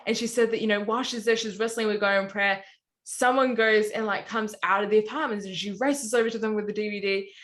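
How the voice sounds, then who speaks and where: A woman's voice: medium pitch, steady tone, quick pace, fairly bright tone. Australian woman, casual chat, rambling storyteller with filler words. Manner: rambling, many "anyway" and "like" fillers. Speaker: podcast co-host.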